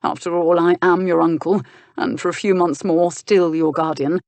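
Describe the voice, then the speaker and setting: A steady older gentleman speaks firmly and with measured control, sometimes with a dry mocking edge. A woman reads him in a low voice. The recording is close and dry. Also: no room sound, lightly acted. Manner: firm, measured, dryly mocking. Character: older uncle and guardian, firm, steady boxer. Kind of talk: audiobook character voice.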